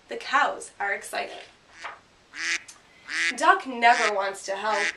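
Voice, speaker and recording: A woman teacher giving a grammar lesson and reading a picture book aloud, speaking clearly and punching out the sound words. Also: on the high side, takes it slowly, long pauses, pushed and bright, slight background noise. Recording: roomy sound from a distant mic.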